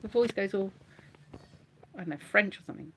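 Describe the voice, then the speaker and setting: A woman's voice: mid-range voice, a little fast, slightly rough. A woman vlogging casually from bed at home, giggly and rambling as she chats to her viewers. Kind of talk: casual live chat to viewers.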